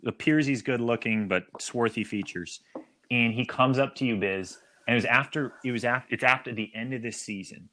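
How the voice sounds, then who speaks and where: A man's voice: medium pitch, normal speed, pushed and bright, slight background noise. A man guest on a podcast, chatting casually and telling a hypothetical story, with frequent ums and restarts. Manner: hesitant, many ums, storytelling. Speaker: guest, former soccer player.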